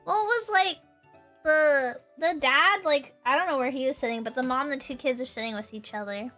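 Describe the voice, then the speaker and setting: A woman's voice: high-pitched, brisk, pushed and bright, soft background music. A young woman hosting a casual livestream chat, rambling through stories and breaking into giggles. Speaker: livestream host.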